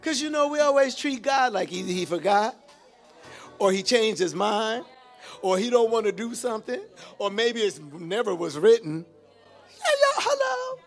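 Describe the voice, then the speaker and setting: A man preaching a sermon as pastor, swinging between hushed asides and shouted calls to the congregation. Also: sits high, normal speed, soft background music. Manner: animated, call-and-response preaching with sudden shifts from hushed to shouted.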